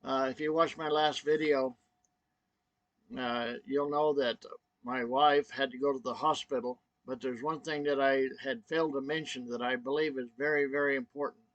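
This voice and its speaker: A man vlogging a personal story, halting and emotional, choked up, with many fillers and restarts. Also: medium pitch, steady tone, fairly bright tone, dry recording, highs cut off.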